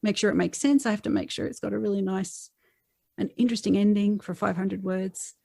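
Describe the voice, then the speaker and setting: An Australian woman talking in a relaxed, chatty way, with a gravelly, fry-tinged voice at an ordinary pitch. She slips into little put-on voices for quoted lines as she tells a story, and the sound is dry and close. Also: brisk, no room sound. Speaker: author guest. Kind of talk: casual interview chat.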